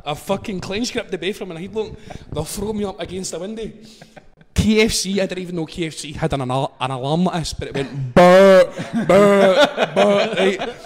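A man's voice: sits high, fairly quick. A young Scottish man telling a story in casual chat, sweary and laughing as he goes. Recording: long reverb.

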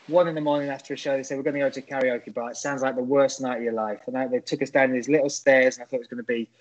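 A man's voice: medium pitch, steady tone, racing, muffled recording. A man, a stand-up comedian, chatting as a podcast guest and rambling through stories with many restarts. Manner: rambling storyteller, frequent restarts. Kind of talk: casual podcast chat.

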